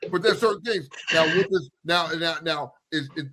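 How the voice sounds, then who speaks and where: A man from New York City co-hosting a radio talk show, bantering in an animated, slangy way and cutting in to tease his co-host. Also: a little high, moderate pace, slight background noise. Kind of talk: casual banter.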